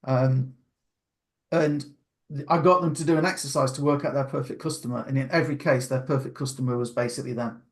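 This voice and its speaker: A man's voice: medium pitch, steady tone, a little fast. Man, video call, casual host, rambling. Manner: rambling, restarts often, laughs easily. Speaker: meeting host.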